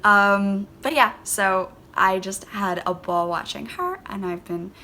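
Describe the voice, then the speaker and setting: A woman with a Philadelphia accent hosts her knitting vlog in a casual, rambling chat. Her voice is bright and crisp with a gravelly fry, and she gushes along, leaning on "um" between thoughts. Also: medium pitch, animated, slow pace, a little hiss or hum. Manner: gushing, rambling, with many "um"s. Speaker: knitting podcast host.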